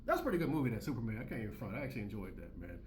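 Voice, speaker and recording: A man in his forties hosting his own channel, ranting in loud, profane, repetitive slang. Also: fairly low pitch, lively intonation, very fast, reverberant, a little hiss or hum. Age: 40s. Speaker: commentary channel host. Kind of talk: ranting commentary.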